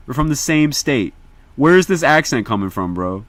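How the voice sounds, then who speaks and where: A young man from Indiana, chatting casually to viewers on a livestream in an excitable, slangy, profane way. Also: mid-range voice, a little slow, dry recording.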